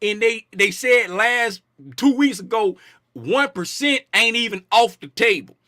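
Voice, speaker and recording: At a measured pace, a high-pitched man hosts a casual trading stream about the market in clean, echo-free studio sound. He's playful and animated, joking in slang, reading chat names aloud, shouting bits of chat, and repeating himself to make a point stick.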